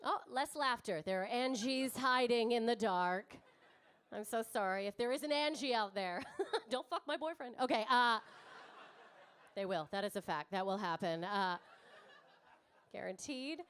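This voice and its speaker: Woman stand-up, thirties, high bright voice, brash and crowd-chatty, swears freely. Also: measured pace, long pauses. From Canada. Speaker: stand-up comedian. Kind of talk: stand-up comedy set. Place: comedy club stage.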